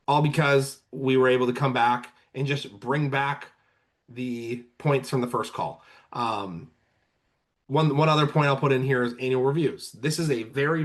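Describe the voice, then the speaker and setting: Insurance manager guy chatting on a podcast, tells stories and does the clients' lines, mid pitch. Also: moderate pace. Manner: storytelling, acts out clients' lines. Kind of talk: casual podcast chat.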